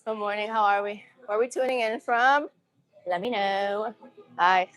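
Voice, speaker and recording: A woman's voice: medium pitch, normal speed. A woman livestreaming her workout from an empty gym, chatting in a hyped, slangy way and greeting her viewers. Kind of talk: casual livestream chat while working out.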